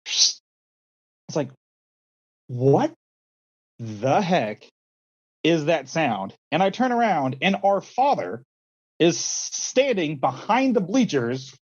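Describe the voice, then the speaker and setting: A man's voice: a little high, very animated, slow pace, long pauses, muffled recording. A young man, a teacher and coach, chatting casually on a podcast, rambling with lots of fillers and quoting people in playful voices. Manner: rambling with many fillers, acts out quoted voices. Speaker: podcast co-host, schoolteacher and coach. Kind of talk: casual storytelling chat.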